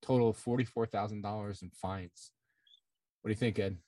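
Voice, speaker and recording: A man co-hosting a podcast, reading out a news item in a steady, matter-of-fact way. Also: fairly low pitch, fairly quick, no echo. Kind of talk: reading news items aloud.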